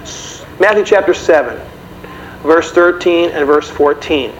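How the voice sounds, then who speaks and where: A man's voice: on the high side, a little slow. Man preaching to his congregation. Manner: conversational, asks the audience questions. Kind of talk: sermon. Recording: dull, slightly noisy recording.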